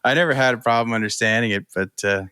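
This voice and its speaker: New brunswick dude telling trucker stories, bright voice, dry mic. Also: male voice, medium pitch, quick pace, clean tone, no room sound. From New Brunswick, Canada. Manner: laid-back anecdotes, laughs easily. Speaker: podcast co-host. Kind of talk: casual chat.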